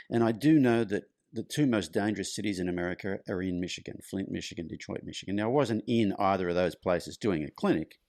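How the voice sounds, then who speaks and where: Middle-aged man, low voice, casual guest spinning a chatty yarn, dry close mic. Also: no echo. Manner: lively anecdotal storytelling, loose and chatty. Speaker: guest, horse clinician. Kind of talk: storytelling in conversation.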